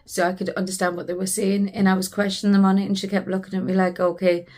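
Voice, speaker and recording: A woman's voice: mid-range voice, completely flat delivery, fast, a little mellow. A British woman, a family vlogger, earnestly retelling a frightening family emergency in a personal storytelling vlog.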